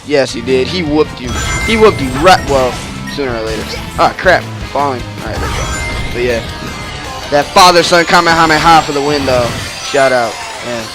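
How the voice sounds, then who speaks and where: A man's voice: medium pitch, normal speed. A man casually commenting while he plays a video game, joking and teasing his friend. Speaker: let's play host. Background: video game music.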